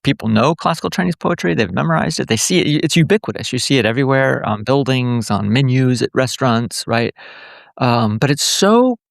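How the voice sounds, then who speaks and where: A man's voice: mid-range voice, lively intonation, brisk, creaky, no room sound, studio quality. A man who is a professor, explaining eagerly in a podcast interview with many fillers and restarts. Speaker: guest professor.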